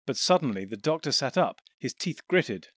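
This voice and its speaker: A male narrator reads an audiobook in an even, steady voice. The sound is close and dry with no room around it, at a middle pitch. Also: normal speed, no echo.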